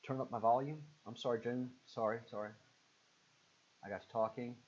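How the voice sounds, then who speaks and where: A man with a Southern accent hosts a live stream, reading viewer comments out loud and answering them casually with plenty of filler words. His voice is a little mellow, with fairly even intonation and a moderate pace. The stream audio is muffled and low-fidelity.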